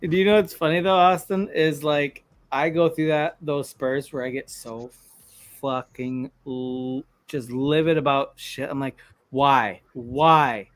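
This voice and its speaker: Male co-host, slightly high voice, heated profane ranting. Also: fairly even intonation, unhurried. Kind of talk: casual chat.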